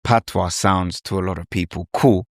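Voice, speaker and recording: A man's voice: sits low, steady tone, moderate pace, dry recording, studio quality. A man hosting a podcast, asking curious, thoughtful follow-up questions in casual chat. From England. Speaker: podcast host, interviewer.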